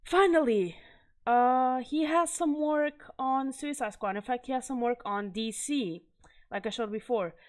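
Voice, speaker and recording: A woman's voice: sits high, unhurried. A woman hosting a casual video review of comic art, chatty and enthusiastic, often stopping to correct herself and laugh nervously. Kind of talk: casual chat.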